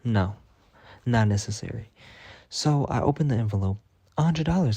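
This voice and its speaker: A man's voice: mid-range voice, normal speed, pauses often, slightly rough, no echo. A young man telling stories in a casual vlog rant, profane and dramatic. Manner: profane, dramatic, animated retelling. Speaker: vlogger.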